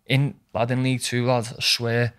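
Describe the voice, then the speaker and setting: A young man, a footballer guest telling animated stories in casual chat and calling everyone "lad". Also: medium pitch, normal speed. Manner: animated storytelling, says "lad" constantly.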